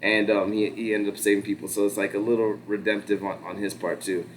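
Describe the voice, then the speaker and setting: Low-voiced man rambling casually. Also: flat delivery, brisk, slight background noise. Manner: rambling, filler-heavy, swears freely. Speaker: podcast co-host. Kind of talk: casual pop-culture discussion.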